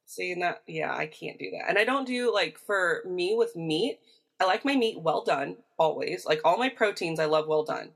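A woman's voice: on the low side, normal speed, gravelly, slightly rough. Chatty Midwestern woman podcast co-host. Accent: American Midwest. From American Midwest. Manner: chatty, wanders into side notes, animated. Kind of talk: casual chat.

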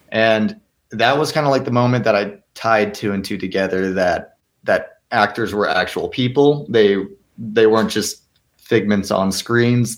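A man's voice: fairly low pitch, vocal fry. A man in his twenties, an actor guest talking in an earnest, rambling way with many restarts. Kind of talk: casual interview.

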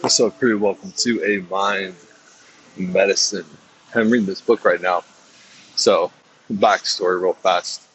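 A man's voice: sits low, fairly even intonation, measured pace, long pauses, a bit bright, soft background music. A man hosting his own motivational podcast, talking loosely with many restarts and fillers. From American South. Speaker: podcast host. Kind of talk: casual motivational talk. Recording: dull lo-fi recording.

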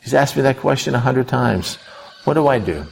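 Male preacher, sermon delivery, gravelly texture, dramatic storytelling with swings of pitch. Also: moderate pace, a little hiss or hum. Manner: storytelling, animated, with sudden rises and drops.

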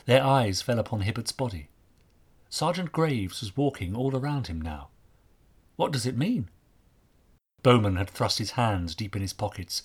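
Casting: male narrator, low husky voice, expressive audiobook reading. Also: moderate pace. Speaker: author and podcast host.

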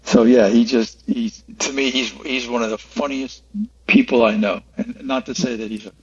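An interview guest explains his faith with earnest, casual explanation and plenty of restarts, using a steady, mid-range voice with a breathy edge at a moderate pace. Distant, muffled lo-fi audio captures him.

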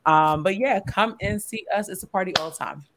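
A woman's voice: medium pitch, fairly quick. Hesitant woman with noise behind. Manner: hesitant, with many ums. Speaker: podcast guest. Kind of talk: casual podcast intro. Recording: background noise.

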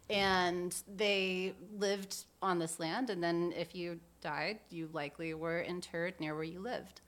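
A woman's voice: on the low side, a bit bright. A woman guest on a podcast, an urban designer, chatting casually and explaining things at length with many fillers.

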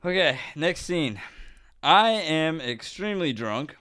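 A man's voice: a little high, very animated, slow, sharp tone, smooth. A young man co-hosting a casual comedy podcast who talks in a playful, teasing way. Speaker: podcast co-host. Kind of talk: casual improv chat.

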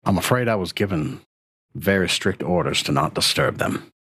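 A stiff, proper manor guard who answers with formal politeness, as a game master plays him. The voice sits low and husky, measured and reserved, and is recorded dry and close. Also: male voice, animated, a bit bright, dry recording, exaggerated voice.

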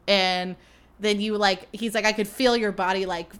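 A woman's voice: medium pitch, level tone, unhurried, a bit bright, clear, resonant tone. A young woman hosting a podcast, telling stories in a chatty, casual way, full of fillers and the odd swear word. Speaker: podcast host. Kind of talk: casual chat.

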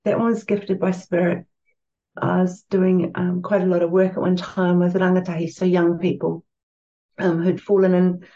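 New Zealand woman guest, warm dark tone, gentle and spiritual, muffled remote line. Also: fairly low pitch. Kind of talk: reflective conversational chat.

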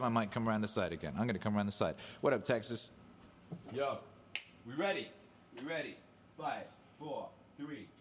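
A man hosting a casual livestream, hyped and loose, swearing and shouting out viewers. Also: on the low side, slight background noise. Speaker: livestream host. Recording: echoey room with long reverb.

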